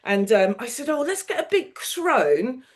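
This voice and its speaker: A middle-aged woman tells stories in an animated, chatty way, often laughing. Her voice sits a little high. She acts out the people in her stories as she goes. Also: a little slow. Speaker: guest, TV producer. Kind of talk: casual chat, anecdote telling.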